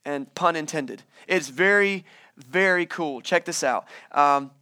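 A man's voice: fairly high pitch, slow pace, pushed and bright. A man preaching a casual sermon as pastor, telling stories in a conversational, playful way and acting out quoted voices as he goes. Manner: playful, laughs at his own asides.

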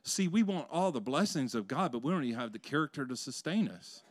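A male pastor preaching a conversational sermon that swells into loud, passionate peaks. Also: mid-range voice, expressive, fairly quick, no room sound.

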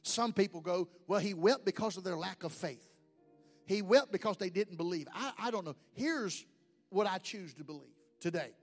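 A man preaching a sermon as pastor, swinging between shouted lines and hushed, whispered prayers. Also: high voice, expressive, normal speed. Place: church sanctuary. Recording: long hall reverb with faint music.

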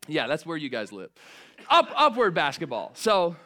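A young man preaching a sermon, lively and joking with the crowd, often stumbling over and restarting his words. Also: on the high side, normal speed. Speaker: pastor.

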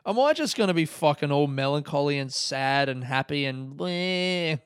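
A man's voice: on the high side, a little fast, clean tone, no room sound. Male comic, podcast host; casual, swearing, wistful storyteller; resonant tone, tight dry sound. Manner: meandering, profane, nostalgic storytelling with laughs. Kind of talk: casual rambling monologue.

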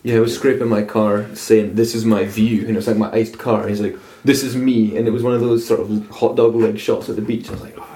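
A man's voice: fairly low pitch, level tone, fast talker, few pauses, warm tone. A man in casual podcast banter, chatty and laughing through his stories. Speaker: podcast co-host. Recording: echoey room with faint noise.

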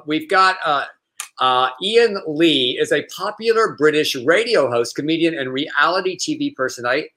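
A man's voice: medium pitch, bright, forceful tone. A man co-hosting a casual news podcast, reading stories aloud and joking. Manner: reads news aloud with playful mock accent, laughs often. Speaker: podcast co-host.

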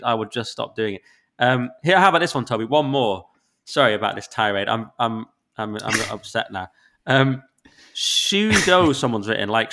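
A man with a Northern English accent, a podcast co-host in casual chat, ranting about listener reviews in an exasperated, sweary way while getting over the flu. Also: medium pitch. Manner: sweary, exasperated, animated rants with sudden loud spikes. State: recovering from flu.

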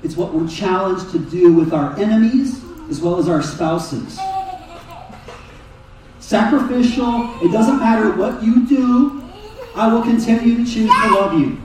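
A man preaching a sermon in a lively, animated way. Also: high voice, unhurried. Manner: animated preaching, voices Jesus and Peter in quotes. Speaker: pastor. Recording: echoey hall, mic far off.

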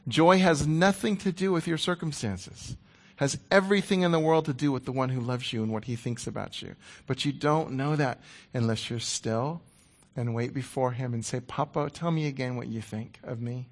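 A middle-aged man preaching a sermon in a conversational, playful way, dropping to a hushed voice when he quotes God. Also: on the high side.

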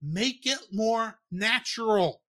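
A man's voice: high voice, animated, takes it slowly, fairly bright tone, no echo. A man co-hosting a movie review podcast, explaining details in casual chat. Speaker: podcast co-host.

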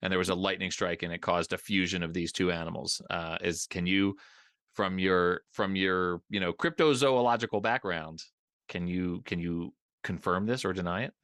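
A man's voice: sits low, normal speed, fairly bright tone, dry recording, studio quality. A man hosting a casual podcast interview, joking around and often repeating words as he talks. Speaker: podcast host.

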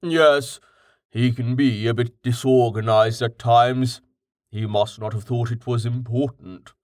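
Dude doing a calm know-it-all guide type, patient, slow, dry sound. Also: male voice, mid-range voice, no echo, close to an everyday voice. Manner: patient, explanatory, matter-of-fact. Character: patient man, well-read, calmly explaining.

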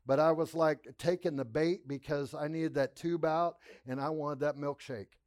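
A middle-aged man preaching from the pulpit, sharing a personal testimony with a somewhat high voice. He tells it in an animated way, rising to loud, laughing bursts and dropping to hushed, quiet lines. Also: moderate pace. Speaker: pastor. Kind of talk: sermon testimony.

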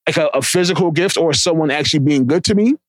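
Guy on a podcast rambling and cussing, kinda high voice, dry close mic. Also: fast talker, no room sound. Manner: rambling, profane, many restarts. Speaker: podcast co-host. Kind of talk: casual explicit podcast banter.

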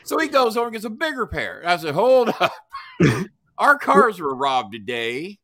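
A man's voice: high-pitched, very animated, moderate pace, a bit bright. A man telling a long story as a podcast guest, swearing freely and acting out each person's lines. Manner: profane, acts out dialogue in voices. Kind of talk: animated storytelling.

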